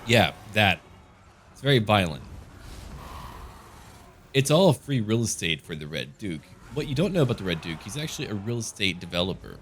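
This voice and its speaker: A man's voice: on the low side, sing-song, moderate pace, long pauses, fairly bright tone, slight background noise. A man giving gameplay commentary as a gaming channel host, with dry, joking asides.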